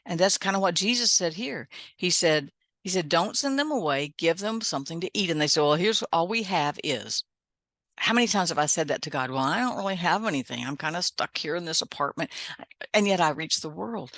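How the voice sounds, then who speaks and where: A woman's voice: low voice, fairly bright tone, dry recording. A middle-aged woman minister giving a conversational devotional from her apartment and often asking "right?" as she goes. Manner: conversational, keeps adding "right?". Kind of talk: devotional teaching. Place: home, apartment.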